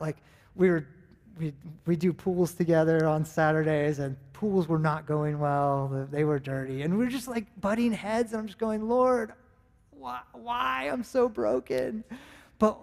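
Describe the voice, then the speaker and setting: The long echo of a church hall surrounds this sermon from a pastor in his thirties with an American accent. His slightly high, a little mellow voice stays earnest and conversational, and he often restarts sentences.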